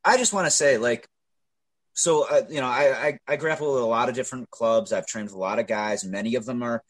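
Husky man, stammering podcast guest. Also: mid-range voice, a little fast, no echo, rough recording. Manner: hesitant, stammering restarts. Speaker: podcast guest and grappling coach. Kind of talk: casual podcast chat.

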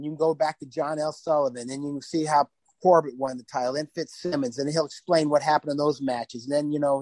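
An older man talking as a podcast guest in a rambling, animated way, laughing often as he tells stories. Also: on the high side, no echo. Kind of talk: casual interview chat.

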